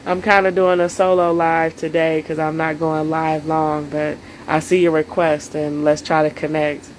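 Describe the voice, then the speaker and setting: In a low-quality recording with some hiss or hum, a woman with a low voice talks at normal speed in a flat delivery. Hosting a solo live stream, she speaks directly to her audience, coaching them on self-care in an earnest, emotional way.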